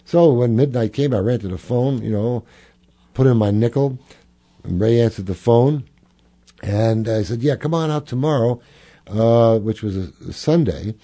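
A man's voice: mid-range voice, normal speed, mellow. An older man, a jazz clarinetist, reminiscing in an interview, rambling with fillers and restarts.

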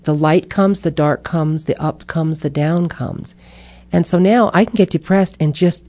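A woman guest in an interview, telling stories in a reflective, animated way and acting out voices. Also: low voice, a little slow, dry recording. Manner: expressive, animated, acts out inner voices. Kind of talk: reflective conversational storytelling. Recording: dull muffled interview audio.

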